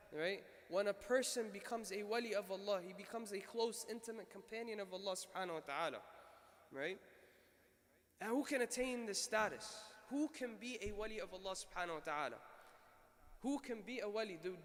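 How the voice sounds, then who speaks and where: A man's voice: high voice, a bit bright, in a large hall. A man delivering a Friday sermon, telling a story in an earnest way and often asking "right?". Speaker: khatib giving Friday sermon. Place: mosque prayer hall.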